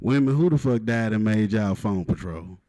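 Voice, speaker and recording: A man, doing a profane stand-up set at an open mic and punching lines with loud outbursts. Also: lowish voice, moderate pace, no room sound, rough recording. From Mississippi, USA. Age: 30s. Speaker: stand-up comedian. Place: open mic stage in a live venue.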